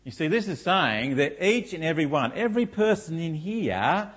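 A man's voice: fairly high pitch, very animated, normal speed, breathy edge. A middle-aged man preaching a sermon in a church, often asking the congregation rhetorical questions like "isn't it?". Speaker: pastor.

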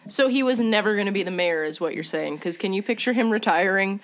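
A woman from Canada co-hosting a casual chat, backing up her friend with quick agreement and joking asides. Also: medium pitch. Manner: supportive listener, joking asides. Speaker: podcast co-host.

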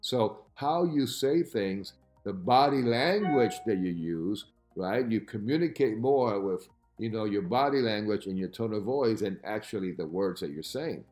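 A man giving podcast talk as a sales coach, with an emphatic, lively delivery who keeps asking "right?" as he teaches. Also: lowish voice, unhurried, hardly any pauses, soft background music.

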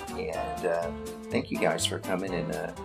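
A man's voice: low voice, level tone, a little slow, gravelly, loud music behind the voice, rough recording. A man hosting his own podcast, chatting casually and rambling, with lots of repeated words and fillers. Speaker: podcast host. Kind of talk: casual solo podcast chat.

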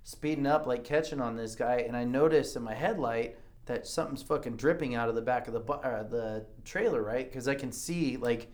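A man in casual chat, telling animated motorcycle stories and swearing a lot. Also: medium pitch, brisk, hardly any pauses. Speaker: motorcycle rider.

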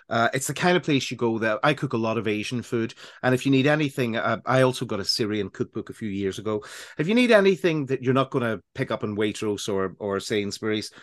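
A man's voice: mid-range voice, a bit bright, dry recording, studio quality. A man hosting a casual radio chat show, rambling and laughing as he talks, with many restarts.

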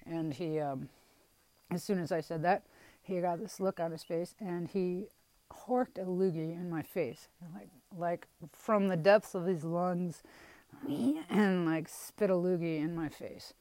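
A young woman from Wisconsin talks candidly about her past in a rambling, halting way, with frequent restarts and blunt swearing. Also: fairly low pitch, dark tone, no room sound, rough recording. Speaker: vlogger telling a personal story. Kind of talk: candid personal storytelling.

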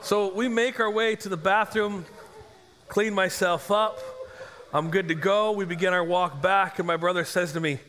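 A man in his forties, a pastor, telling a comic story in a sermon and acting out the dialogue with lively energy. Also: high-pitched, moderate pace, slight background noise. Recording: long echo of a large hall.

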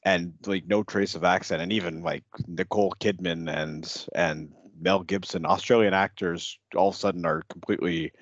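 Deep-voiced man on a dull dry mic. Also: fairly even intonation, no room sound. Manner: halting, with frequent restarts and hedges. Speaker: podcast co-host. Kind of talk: casual film review chat.

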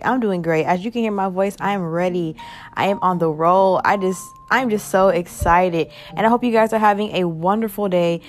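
A woman in her twenties hosting her own podcast, talking in a chatty, upbeat and animated way. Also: on the low side, moderate pace, slight background noise. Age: 20s. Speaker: podcast host. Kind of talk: casual solo podcast chat.

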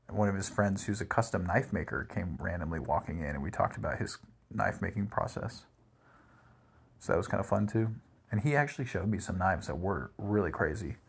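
A man's voice: fairly low pitch, vocal fry, breathy edge. A man telling rambling everyday stories in a casual monologue, full of "like" and "crazy". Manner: rambling, animated, lots of "like" and "crazy".

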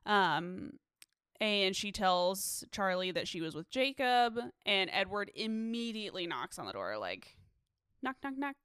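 A woman co-hosting a podcast, talking through a movie recap in loose, chatty style with easy swearing. Her voice sits at an ordinary middle pitch. It is recorded close and dry, with no room sound. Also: very animated, measured pace, a bit bright, clear, resonant tone, no room sound. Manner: chatty, swears casually, laughs often. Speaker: podcast co-host. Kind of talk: casual chat recapping a movie.

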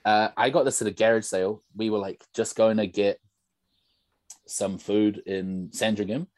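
A man's voice: on the low side, steady tone, normal speed, darkish tone, no room sound. A young man, a podcast guest telling stories in a casual, rambling way full of "like" and "bro". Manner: rambling storyteller, lots of "like" and "bro". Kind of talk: casual chat.

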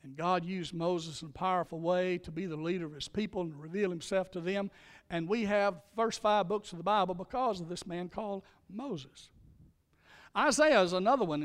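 A male pastor preaches emphatically in a large hall, slowing down and speeding up to stress his points. His voice is high.

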